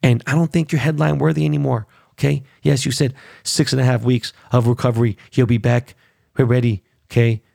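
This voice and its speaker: A man with a gravelly, mid-pitched voice hosts a casual podcast. He rants bluntly, swearing freely and getting heated. The sound is close and dry, with no room echo. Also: little pitch movement, a little fast, a little mellow. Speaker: podcast host. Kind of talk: casual rant.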